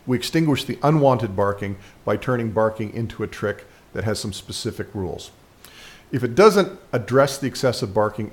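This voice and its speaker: Dog trainer, male, lowish voice, casual and conversational, full of ums and restarts. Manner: conversational, with frequent fillers and restarts. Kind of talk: casual instructional commentary.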